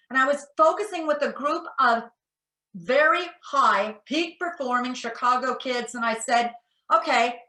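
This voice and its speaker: Animated older woman, bright echoey voice. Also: fairly high pitch. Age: 60s. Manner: animated storyteller acting out quotes. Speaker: educational psychologist speaker. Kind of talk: motivational talk to parents.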